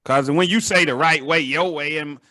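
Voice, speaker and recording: A man's voice: on the high side, normal speed, sharp tone. A man with a Southern American accent hosting a talk show, speaking earnestly and conversationally. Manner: earnest, conversational, preachy asides. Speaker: show host. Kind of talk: casual interview conversation.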